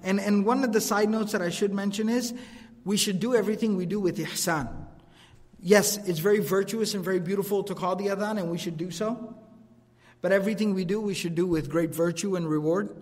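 A man preaches at a rapid clip in a fairly high voice, and his words ring out with the long reverb of a large hall. His delivery is quick and animated, moving from recited scripture into loose, casual asides. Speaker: preacher teaching a lecture series. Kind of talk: religious lecture.

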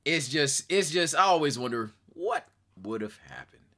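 A young man telling a high school story in a casual, animated monologue, swearing freely and talking straight to his chat. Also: normal speed. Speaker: storytelling streamer.

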